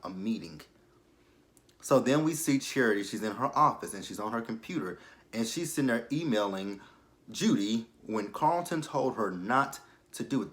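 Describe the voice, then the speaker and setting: A man casually recapping a TV drama episode, sassy and animated, talking back to the characters. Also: lowish voice. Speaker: TV show reviewer. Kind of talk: casual review vlog.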